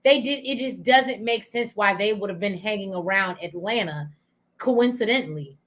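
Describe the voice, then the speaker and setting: A chatty woman, co-hosting a casual TV recap. She thinks aloud with frequent "um"s. She talks over a video call at a middle pitch. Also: moderate pace, a bit bright. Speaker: co-host of a TV recap show.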